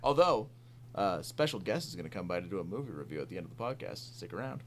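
A man's voice: deep voice, big pitch swings, fast, slight background noise. Wry man hosting a sports podcast. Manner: wry, joking asides. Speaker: podcast host. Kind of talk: casual sports chat.

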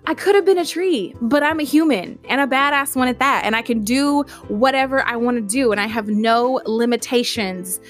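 A woman with a slightly high voice delivers a motivational podcast monologue as its host. She talks emphatically, stacks up repeated words and laughs between her lines. Faint music plays underneath. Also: moderate pace, hardly any pauses.

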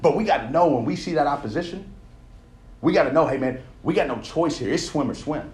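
A man's voice: a little high, lively intonation, fairly quick, a little mellow. Echoey man preaching with casual punch. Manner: conversational, tags lines with "right?"; building intensity with repeated phrases. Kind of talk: sermon. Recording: echoey room sound.

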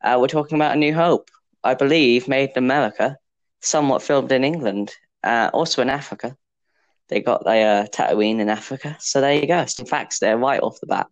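A man's voice: mid-range voice, fairly quick, highs cut off. Chatty young male podcast host. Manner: chatty, enthusiastic, rambling with fillers. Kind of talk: casual podcast chat.

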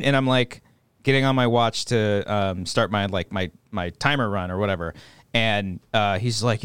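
Rambling, cursing podcast host. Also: male voice, on the low side, normal speed, a bit bright, clear, resonant tone, no room sound. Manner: rambling, profane, acts out quoted voices. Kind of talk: casual chat, storytelling.

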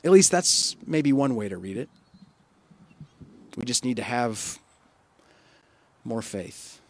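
A man's voice: mid-range voice, lively intonation. Earnest male pastor preaching. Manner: earnest, reflective, with soft dropping pauses. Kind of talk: sermon.

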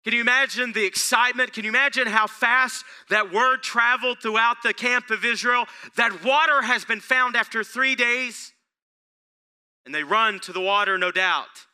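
A male pastor preaching a sermon, throwing rhetorical questions at the congregation and building excitement. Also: very high voice, normal speed, clean tone.

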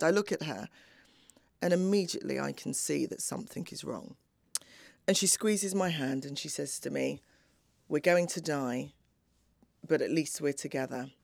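A middle-aged woman telling a personal story in a slow, deliberate, dramatic way, with long pauses. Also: fairly low pitch, gravelly, no echo.

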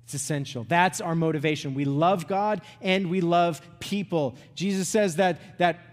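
A man's voice: fairly high pitch, normal speed. A middle-aged man giving a conversational sermon as a pastor, often checking in with "right?" and "okay?" and restarting phrases. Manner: repeats words and restarts phrases. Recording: long reverb of a large hall.

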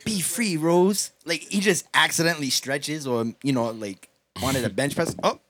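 A man's voice: mid-range voice, normal speed. A man in casual joking chat with friends, rambling and laughing as he tells stories. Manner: laughing, rambling, animated storytelling.

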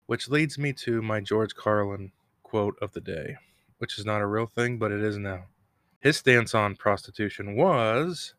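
Speaking a little slowly in a low-leaning, fairly bright voice, a podcast host recaps a TV episode on his own. He rambles, makes fun of himself, and laughs at his jokes. The recording is dry and clean like a studio, made in a home room where a cat bell sounds nearby.

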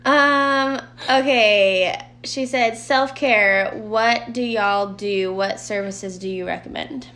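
Woman in her thirties, somewhat high voice, blunt casual co-host. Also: takes it slowly, hardly any pauses, a bit bright. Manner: blunt, chatty, swearing. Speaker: podcast co-host. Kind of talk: casual chat.

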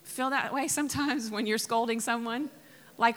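A woman pastor giving a sermon, telling the story in a lively way with acted quotes and asides to the congregation. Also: fairly high pitch, moderate pace, big-room sound.

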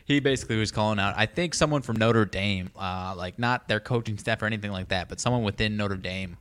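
A man with a somewhat low voice chats casually about sports on a podcast. He rambles along, leaning on fillers as he goes. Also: a little fast, fairly bright tone, clear, resonant tone. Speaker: podcast co-host.

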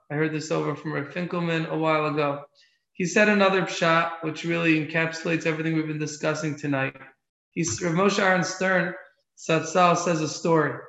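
A man's voice: on the high side, creaky, fairly bright tone. A man teaching an evening Torah class, earnest and often repeating his phrases for emphasis. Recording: echoey room, dull lo-fi sound.

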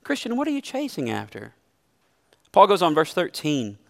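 A man's voice: on the high side, wildly swooping pitch, normal speed, creaky. Earnest male preacher in a reverberant hall. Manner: earnest, emphatic preaching with storytelling. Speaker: pastor. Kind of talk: sermon.

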